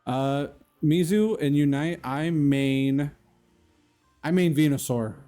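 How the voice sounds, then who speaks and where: A man's voice: on the high side, takes it slowly, warm tone, soft background music. A man streaming live, chatting casually and answering viewers' comments.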